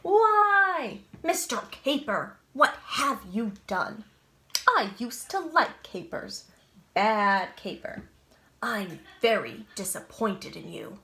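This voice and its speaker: A woman voicing a group of grown-ups in a children's story, loud and exclaiming. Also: fairly high pitch, huge pitch swings, measured pace, roomy sound, heavily acted. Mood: scolding. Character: scolding then forgiving grown-ups.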